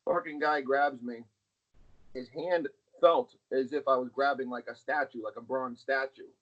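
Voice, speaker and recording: Speaking at normal speed with fairly even intonation, this middle-aged man has a mid-range voice. He's an arm wrestler guesting on an interview, swapping blunt, casual stories full of swearing, captured in dull lo-fi sound.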